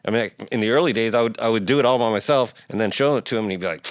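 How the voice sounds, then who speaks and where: A middle-aged man, a guest musician, telling stories in a casual interview in a recording studio, acting out quotes with big jumps in pitch. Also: very fast, no room sound.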